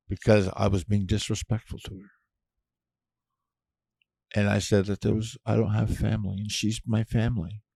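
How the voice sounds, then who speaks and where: A man hosting his own show, ranting in a casual monologue, blunt and profane with sudden loud outbursts. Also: fairly low pitch, gravelly, no echo, studio quality. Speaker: podcast host.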